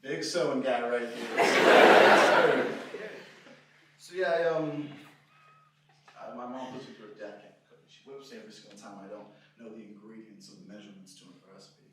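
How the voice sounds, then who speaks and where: A man's voice: mid-range voice, moderate pace, fairly bright tone. A young man doing a stand-up comedy set, rambling and self-deprecating, with lots of "you know" in his talk. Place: live comedy venue with audience. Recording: very echoey, distant, noisy live room.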